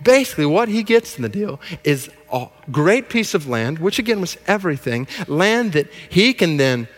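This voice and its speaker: A man preaching a sermon, telling the story in a lively way and acting out the people in it. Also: on the high side, moderate pace. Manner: animated storytelling, acts out characters. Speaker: pastor. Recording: long hall reverb.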